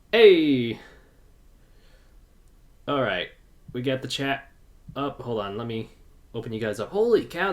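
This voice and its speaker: Chatty male podcast host. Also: medium pitch. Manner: chatty, greets chat viewers by name. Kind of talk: casual live-stream chat. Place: his cold room at home.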